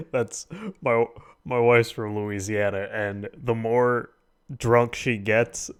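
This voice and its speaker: A man's voice: mid-range voice, drawn-out words, pauses often, clean tone. Easygoing, teasing young man. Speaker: co-host. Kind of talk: casual drinking-stream chat.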